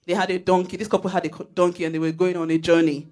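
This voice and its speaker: Nigerian woman preacher, animated storyteller, emphatic and quick to laugh in church. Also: on the low side. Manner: lively, storytelling, laughs often, emphatic exhortation. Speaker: church speaker. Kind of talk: sermon.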